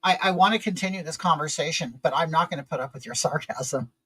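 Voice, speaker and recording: A calm, evasive male mortuary director as a man puts him on, speaking a little lower and softer, with a flat, placating tone. The sound is close and dry. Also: fast, husky, no room sound. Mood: guarded.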